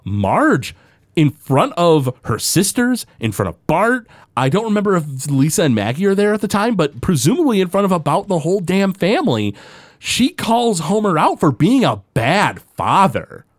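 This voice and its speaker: A man's voice: high-pitched, big pitch swings, moderate pace, dry recording, studio quality. A man co-hosting a podcast, casually recapping a cartoon episode and slipping into playful voices as he retells scenes. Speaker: podcast co-host.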